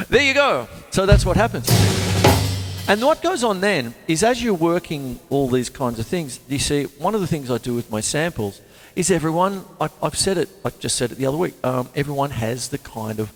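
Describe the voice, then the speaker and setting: A man with a fairly high, lively voice talks through rhythm in a casual lesson, counting beats aloud as he goes. His voice rings with a long reverb, and drum music plays underneath. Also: a little fast. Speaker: drum show host.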